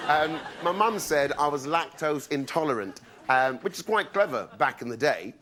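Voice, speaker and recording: A man's voice: on the high side, animated, unhurried, heavy background noise. A man performing a stand-up routine in a live venue, delivering wry punchlines and mimicking other people. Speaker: stand-up comedian. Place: live comedy venue with audience. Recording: live stage mic with loud audience laughter.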